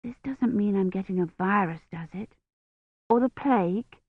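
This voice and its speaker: A woman's voice: mid-range voice, moderate pace, husky, no echo. A woman reading an audiobook voices a young woman shivering with fever, her speech unsteady and pleading, recorded on tinny, dry phone-like audio. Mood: anxious joking. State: teeth chattering, feverish.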